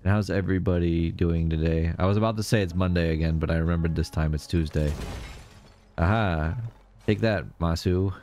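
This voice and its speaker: A man's voice: deep voice, steady tone, a little fast, a little mellow. A young man streaming live, chatting casually and jokily with his viewers in a rambling way. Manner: rambling, jokey, chats to viewers, laughs often.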